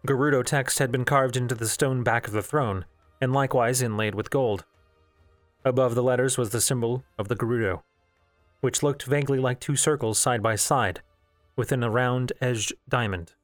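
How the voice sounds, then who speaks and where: A man narrating a novel in a measured, even storytelling voice. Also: medium pitch, no room sound. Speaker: audiobook narrator. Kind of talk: novel reading.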